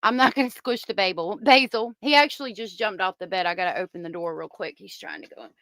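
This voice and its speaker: A woman's voice: medium pitch, fast talker, fairly bright tone, no room sound. A woman hosting a heated commentary stream, ranting angrily and swearing at viewers into a close microphone. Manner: angry, profane, ranting at viewers. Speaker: commentary channel host. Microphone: close desk microphone.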